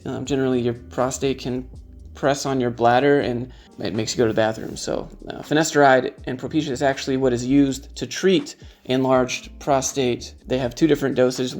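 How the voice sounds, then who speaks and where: A man's voice: mid-range voice, darkish tone. A man in his thirties talking frankly to the camera in a casual vlog, joking as he goes. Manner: frank, joking, conversational, shows items to the camera. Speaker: YouTube creator.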